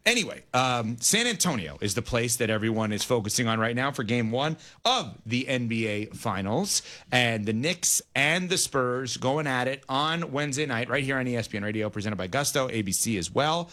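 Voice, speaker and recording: A man hosting a sports radio show, briskly reading promos and setting up audio clips from a studio. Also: mid-range voice, lively intonation, bright, forceful tone.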